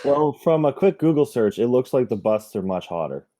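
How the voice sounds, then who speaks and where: Laid-back man, deadpan podcast quips. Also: medium pitch, moderate pace. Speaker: podcast co-host. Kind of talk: casual chat.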